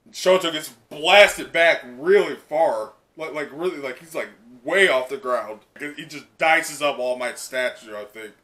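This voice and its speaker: Excitable rambling man, fairly high pitch, bright, forceful tone, live reaction host. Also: measured pace, few pauses.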